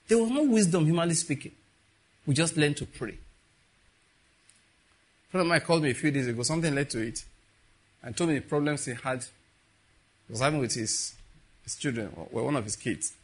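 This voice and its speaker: A husky, slightly raspy man, delivering a sermon. His voice sits a touch high for a man and moves between hushed storytelling and rising, emphatic declarations. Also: brisk, long pauses. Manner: storytelling with soft asides and rising emphatic peaks. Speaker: preacher.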